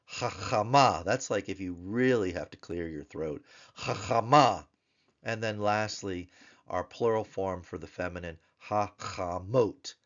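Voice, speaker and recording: A man teaching a grammar lesson, sounding out words slowly and repeating them for drill. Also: low voice, muffled recording. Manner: slow, drawn-out repetition of words for drilling. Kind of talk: recorded tutorial lesson.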